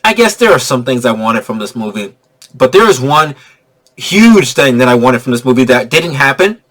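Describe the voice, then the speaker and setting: A man giving a casual spoiler movie review, excitable and profane, laughing often and a bit tipsy from drinking. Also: medium pitch, moderate pace. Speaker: film reviewer.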